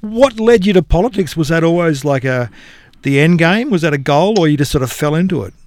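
A man's voice: a little high, expressive, a little fast, darkish tone. A man hosting a podcast, talking in a chatty, loose, informal way. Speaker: podcast host. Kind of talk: casual chat.

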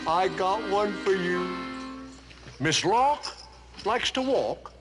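A man's voice: high voice, animated, slow pace, music in the background. A man playing a showman who reels off silly rhyming poems in a put-on Cockney accent. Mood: showy.

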